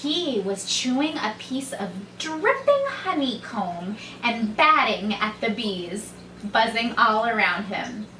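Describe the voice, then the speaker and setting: A woman who reads a children's story aloud slowly and gently, as a teacher. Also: medium pitch, lively intonation, a little hiss or hum. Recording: echoey room, mic far off, faint ambience.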